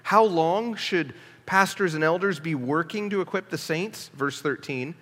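A male pastor preaching a teaching sermon in earnest tones, often pausing with "uh" fillers. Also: a little high, fairly bright tone, big-room sound. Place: church sanctuary.

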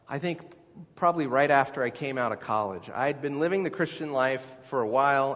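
A man's voice: fairly high pitch, a bit bright. A middle-aged man preaching a sermon as a pastor, talking in a conversational way and putting questions to the congregation. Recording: dull sound with long hall reverb.

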